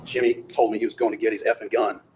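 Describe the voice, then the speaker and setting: A man's voice: lowish voice, little pitch movement, fast, a little mellow. A man delivering a courtroom closing argument as prosecutor, emphatic and rhetorical, often repeating phrases for effect. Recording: echoey courtroom audio with faint noise.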